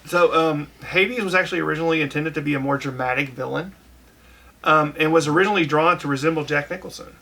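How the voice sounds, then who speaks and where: A man's voice: on the high side, fast, vocal fry, pushed and bright. A man hosting a casual podcast chat, laying out what he has researched at length. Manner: researched, tells facts at length. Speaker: podcast host.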